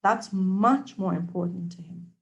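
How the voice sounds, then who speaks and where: A woman giving a testimonial, telling a personal story in an animated way, moving between soft asides and emphatic lines. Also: mid-range voice, a little slow, gravelly, dull audio. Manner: animated, acts out dialogue, loudness swings between soft and emphatic. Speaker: trainee observer giving a testimonial.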